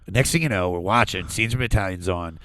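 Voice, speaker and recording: A man's voice: low-pitched, quick pace, slight background noise. A man, a comedian guest on a podcast, telling stories in casual chat and acting out voices as he goes. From Washington D.C. area. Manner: animated storyteller, acts out voices, frequent laughs.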